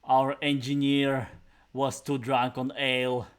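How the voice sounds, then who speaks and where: A man playing a solemn dwarf elder of a mining colony in a tabletop game. He speaks formally and carefully, at a middle pitch for a man. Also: completely flat delivery, slow, clean tone, natural voice.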